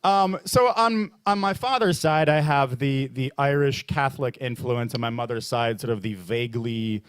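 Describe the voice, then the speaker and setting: A man's voice: mid-range voice, normal speed, clean tone, dry recording. A man doing a self-mocking stand-up set at an open mic, acting out his own inner dialogues. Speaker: stand-up comedian and emcee. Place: small bar stage at an open mic.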